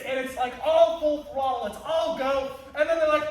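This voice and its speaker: Guy with a high voice teaching martial arts, jokey, lots of restarts, far from the mic. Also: quick pace, few pauses, a crowd in the background, background noise. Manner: playful, joking, restarts often. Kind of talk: teaching a class. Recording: echoey hall, distant mic.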